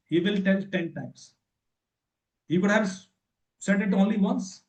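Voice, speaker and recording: In an echoey hall, a man with an Indian English accent gives a teacher training lecture on cyber safety. His voice sits high and has a darkish tone with the highs cut off, and he speaks unhurriedly with long pauses. He tells his stories emphatically and repetitively.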